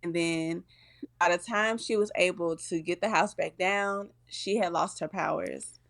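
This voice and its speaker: A woman's voice: on the low side, steady tone, measured pace, creaky, fairly bright tone. A woman co-hosting a casual chat, retelling a cartoon and acting out the characters' lines. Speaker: podcast co-host.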